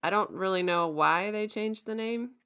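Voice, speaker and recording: Bright, chatty woman podcast host. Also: mid-range voice, moderate pace, a little hiss or hum. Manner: chatty, laughs often, acts out quotes. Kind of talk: casual show recap chat.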